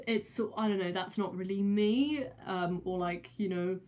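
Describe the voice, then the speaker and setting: A nineteen-year-old woman chats casually on a livestream, answering her chat. Her mid-range voice is a little mellow and moves at a moderate pace, with many fillers, restarts and a slight stutter.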